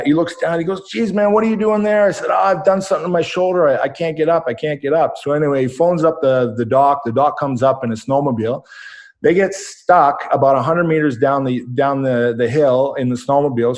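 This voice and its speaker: A man in a casual podcast chat, spinning a long anecdote in a plain, mid-pitched voice. He rambles and restarts, dotting his talk with ums, like a former athlete recounting an old mishap. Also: darkish tone. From Canada. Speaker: guest, former rugby player. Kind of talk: casual storytelling.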